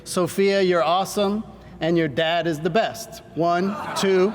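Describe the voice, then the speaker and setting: A middle-aged man, a doctor, giving an energetic seminar talk to a live audience and drawing them into call-and-response. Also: measured pace, a crowd in the background. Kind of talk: stage presentation to a live audience. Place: large hall with audience. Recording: hall reverb, faint rumble.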